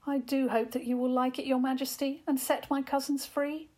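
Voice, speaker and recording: A brave young princess addresses a queen politely and earnestly, voiced by a woman reading aloud. Her voice sits a little higher and brighter than the narration. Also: flat delivery, moderate pace.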